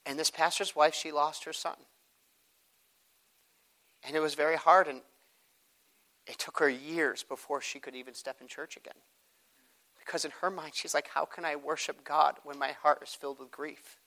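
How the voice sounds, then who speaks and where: A man, a pastor and father, preaching a sermon and praying, swinging from hushed prayer to loud, high emphasis. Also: steady tone, moderate pace, long pauses, poor audio. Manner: rises to loud, high preaching, then drops to soft prayerful tones.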